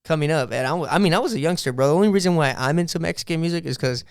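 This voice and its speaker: A man's voice: fairly high pitch, animated, racing, gravelly, smooth, no room sound, clean studio sound. A man in his twenties hosting a podcast, asking questions in a casual, chummy way. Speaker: podcast host.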